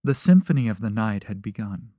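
A man's voice: on the low side, expressive, a little fast, mellow, no room sound. A man reading a first-person story aloud, with a dry, wry narrating manner.

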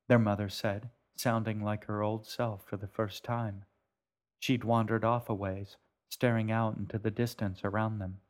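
A man reading his own novel aloud as narrator, in a calm, measured way. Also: on the low side. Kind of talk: audiobook narration.

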